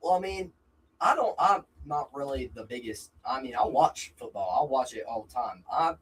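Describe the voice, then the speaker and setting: A man's voice: mid-range voice, expressive, normal speed, fairly bright tone, slightly rough, far from the mic, low-quality recording. Hesitant teen boy racer, off-mic. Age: teens. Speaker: young racer, guest. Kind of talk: casual chat.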